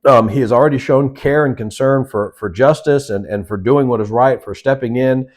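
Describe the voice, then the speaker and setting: A man teaching a Sunday School lesson in a conversational way, with frequent restarts and self-corrections. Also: mid-range voice. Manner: conversational, acts out voices in quotes, halting restarts. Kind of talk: Bible study lesson.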